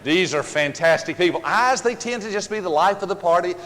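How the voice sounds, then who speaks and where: A man telling funny family stories at a seminar, animated and joking, with a fairly high voice. A long hall reverb hangs on his words, and faint noise sits underneath. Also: a little fast. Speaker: seminar speaker. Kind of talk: humorous seminar storytelling.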